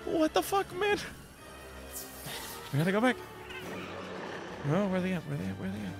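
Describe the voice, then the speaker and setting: A man streaming a game, talking to viewers in an excitable way, shrieking and swearing at surprises and cooing at cute creatures. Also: sits high, normal speed, vocal fry. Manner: coos affectionately at game creatures. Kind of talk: live gameplay commentary. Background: game music.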